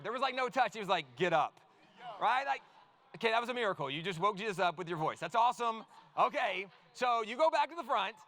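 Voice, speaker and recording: A man leads a youth sermon, reading scripture and then steering volunteers through a playful skit. His voice sits very high for a man and sounds sharp and forward. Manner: energetic, playful, directs volunteers on stage. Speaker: youth speaker. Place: large youth event hall.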